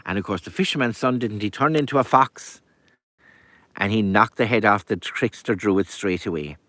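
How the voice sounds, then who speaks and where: A man telling a folk tale in a lively, chatty way with asides. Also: on the low side, normal speed, dry recording. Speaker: storyteller. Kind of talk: oral folk storytelling.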